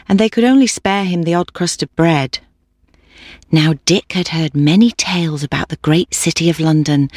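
Female narrator, mid pitch, steady fairy-tale read, dry close sound. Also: no room sound. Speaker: storyteller. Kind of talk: children's story narration.

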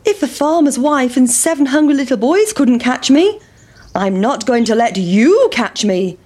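Woman squeaking as a boastful runaway pancake. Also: big pitch swings, a little slow, a little mellow, exaggerated voice. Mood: cheeky. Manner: high squeaky taunting voice.

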